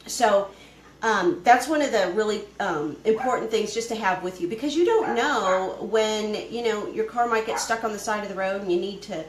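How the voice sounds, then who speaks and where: A woman's voice: mid-range voice, moderate pace, reverberant, a little hiss or hum, poor audio. A woman hosting a casual homesteading live stream from her home kitchen, chatting and rambling as she cooks and greets viewers by name. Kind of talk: casual live-stream chat while cooking. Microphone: camera she moves around the kitchen.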